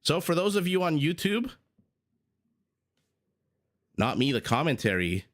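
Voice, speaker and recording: Here a man's medium-pitched voice has lively intonation, normal speed, and long pauses. He's an esports caster streaming live commentary on a strategy game plus casual chat, playful, chatty, self-teasing, and coughing along the way.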